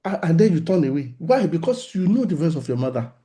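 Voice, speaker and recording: Man, middle-aged pastor, sermon, raised voice, very dark mellow tone. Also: on the high side, fast talker. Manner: animated preacher acting out little dialogues. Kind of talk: sermon-style teaching on relationships.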